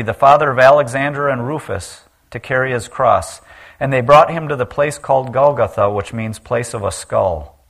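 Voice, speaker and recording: During his sermon, a preacher reads from scripture, raising his voice for the cries and going soft and low for the most important lines.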